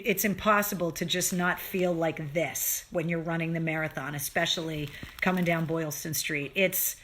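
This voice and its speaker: Bright-voiced woman hosting an emotional livestream. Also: fairly low pitch. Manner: earnest, emotional, swears freely, rambling restarts. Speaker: livestream show host. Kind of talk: casual livestream talk to viewers.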